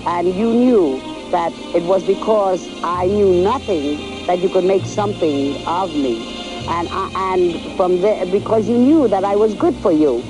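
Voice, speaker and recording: An older woman from New York telling the story of her youth and marriage to her husband, in a halting storytelling way with repeated words and fillers. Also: medium pitch, rough recording. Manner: addresses her husband directly. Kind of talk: reminiscing in an archival interview.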